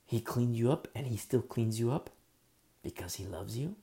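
A man preaching a sermon, impassioned, rising to emphatic questions and dropping to a hush. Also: mid-range voice, animated, normal speed, gravelly.

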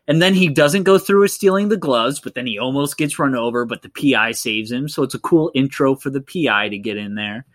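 A man's voice: medium pitch, fairly quick, few pauses. A man co-hosting a podcast, casually talking through a film with many fillers. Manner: rambling, heavy with fillers like "like" and "you know". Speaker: podcast co-host.

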